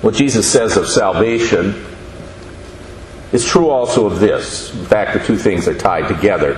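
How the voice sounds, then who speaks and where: A man giving a sermon, speaking slowly and deliberately and asking the listeners questions. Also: on the low side. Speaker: preacher. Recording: echoey room with faint noise.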